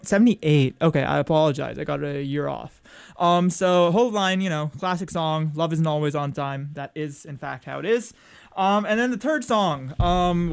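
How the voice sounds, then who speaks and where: A man's voice: on the high side, vocal fry, clean tone. A young man hosting a college radio show, chatting casually between songs with many ums and self-corrections. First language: French.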